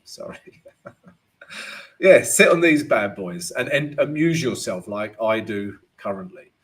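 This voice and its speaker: A man's voice: lowish voice, animated, unhurried, a bit bright. A man hosting a live trading lesson, casual and chatty, often checking in with "right?" and addressing viewers as guys. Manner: laughs at his own jokes. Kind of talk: live chart analysis and viewer Q&A.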